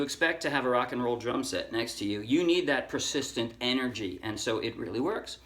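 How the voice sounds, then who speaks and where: Relaxed man teaching ukulele over strumming. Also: mid-range voice, fairly quick, few pauses, loud music behind the voice. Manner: relaxed, self-correcting, counts strings aloud. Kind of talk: casual tutorial talk. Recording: ukulele playing under the voice.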